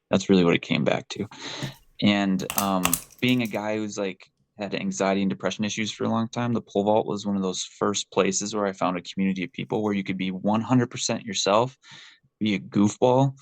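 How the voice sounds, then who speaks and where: A fairly low-pitched male voice in a dry recording. He's a one-time pole vaulter, candid and emotional as a guest in a relaxed interview conversation, cursing liberally and frequently starting his sentences over.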